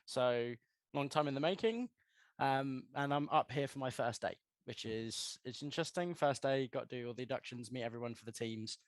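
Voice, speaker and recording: A man's voice: mid-range voice, normal speed, dry recording. A man from England chatting casually on a podcast in a rambling way. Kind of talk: casual group chat.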